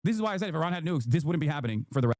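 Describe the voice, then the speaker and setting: Rapid-fire ranting male streamer. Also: fairly high pitch, animated, darkish tone, no room sound, studio quality. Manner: heated, profane ranting. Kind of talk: ranting livestream commentary.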